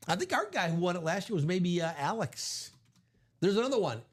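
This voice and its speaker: A man's voice: sits high, very animated, normal speed, a little hiss or hum. A man hosting a live sports card break stream, chatting casually in a rambling, self-correcting way. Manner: rambling, self-correcting, chuckles at own stories.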